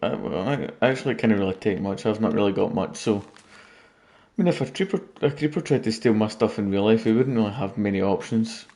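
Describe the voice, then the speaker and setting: Late at night, a man comments casually on the game he's playing, rambling and cracking jokes for his viewers as a gaming YouTuber. He has a lowish, dark-toned voice and a brisk delivery.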